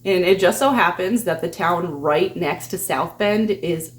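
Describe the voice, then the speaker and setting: A woman crafting vlogger telling a story in a sarcastic, animated way. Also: lowish voice, unhurried. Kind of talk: storytelling vlog.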